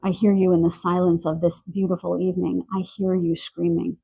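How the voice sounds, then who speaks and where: A woman giving a spiritual pick-a-card reading, gentle and searching, relaying messages with pauses and fillers. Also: lowish voice, little pitch movement, gravelly, breathy edge, no room sound, rough recording. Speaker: tarot card reader. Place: quiet room in the evening.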